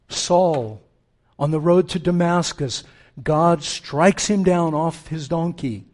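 A middle-aged man delivers a sermon in a fairly high voice. He preaches earnestly, letting his voice sink to a near hush when quoting tender words and climbing with force when he argues. The delivery swings between intimate and emphatic. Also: expressive, slow pace. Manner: earnest preaching with soft hushed quotes and forceful rises. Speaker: pastor.

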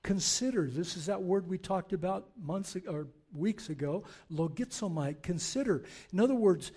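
A male pastor preaching a sermon, reading verses aloud and urging his listeners on with animated, forceful exhortation. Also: high-pitched, moderate pace, slightly rough.

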